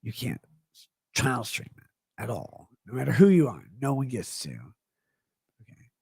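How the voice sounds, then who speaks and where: A middle-aged man livestreaming, reading chat comments aloud in a slurred, rambling way that swings between mumbles and loud outbursts. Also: medium pitch, sing-song, measured pace, no echo, clean studio sound. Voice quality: gravelly. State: drunk.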